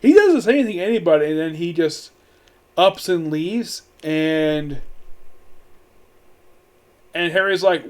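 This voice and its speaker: A man's voice: fairly high pitch, lively intonation, measured pace, long pauses. A man giving a casual, rambling spoken film review, amused, with many fillers and restarts. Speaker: movie reviewer.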